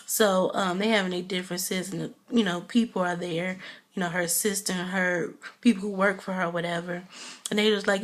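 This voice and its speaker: A woman chats casually in a gossipy, rambling vlog, with plenty of "um" and "you know" as she goes. Her voice sits at a middle pitch and sounds conversational and unpolished. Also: fairly even intonation, a little fast, fairly bright tone. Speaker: vlogger reviewing a TV episode. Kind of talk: casual chat.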